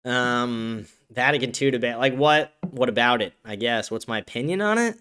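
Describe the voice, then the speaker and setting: A man hosting a podcast in casual chat, excitable and profane, often laughing as he reads and answers viewer comments. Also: medium pitch, moderate pace, clean tone. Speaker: podcast host.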